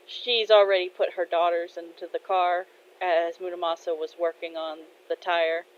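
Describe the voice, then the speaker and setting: A woman's voice: lowish voice, level tone, normal speed, smooth. A woman casually telling her own fan story aloud, hesitant, with many fillers and "he's like" asides. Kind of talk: casual spoken fan fiction. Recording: dull lo-fi recording.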